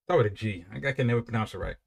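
A man's voice: on the low side, racing, creaky, darkish tone. A young man giving casual, rambling commentary while reacting to music, with frequent repeated praise.

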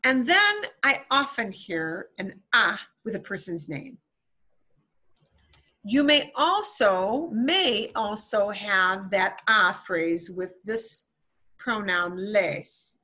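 A woman's voice: mid-range voice, lively intonation, takes it slowly, bright, forceful tone. A woman teaching a beginner Spanish class, explaining patiently with playful comparisons.

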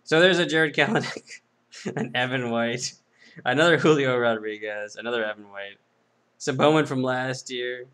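Male host, casual sales patter, mid-pitched voice, drifts into goofy self-deprecating asides. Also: moderate pace, a bit bright. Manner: rambling, self-mocking jokes. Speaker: host of a card-break sales video.

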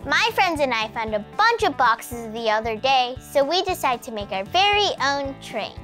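A performer voicing a cheerful young girl puppet who hosts a children's church show, speaking in a bubbly, slow, exaggerated way for small children. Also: high-pitched, sing-song, bright, forceful tone, faint music behind, heavily acted.

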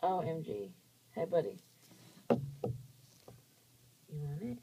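A young woman films a casual pet vlog and talks at an unhurried pace. Her pitch swings widely as she squeals in disgust. Between the squeals she murmurs gently to her lizard. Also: sing-song, creaky, husky. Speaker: vlogger.

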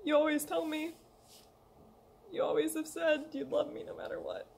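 High-voiced young woman, emotional and halting, reading a heartfelt letter aloud to her loved ones. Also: little pitch movement, creaky, darkish tone, a little hiss or hum. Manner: emotional, hesitant, pleading, reads a letter aloud. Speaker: vlogger. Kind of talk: emotional personal confession.

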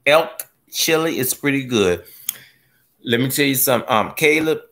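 A man hosting a gardening live stream, chatting casually as he reads viewer comments, joking and laughing, his voice swooping from low mutters up to high squeals. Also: animated, moderate pace, a bit bright. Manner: playful, laughs often. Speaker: gardening livestream host.

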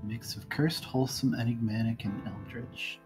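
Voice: medium pitch, fairly even intonation, normal speed. A streamer chatting casually and joking while playing a game, laughing often. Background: game music.

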